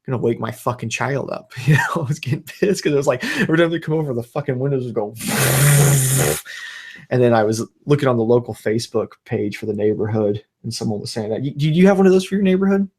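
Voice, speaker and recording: A man's voice: mid-range voice, fast, darkish tone, slightly rough. A man in his thirties hosting a casual chat, rambling and swearing, laughing through his own stories. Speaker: channel host.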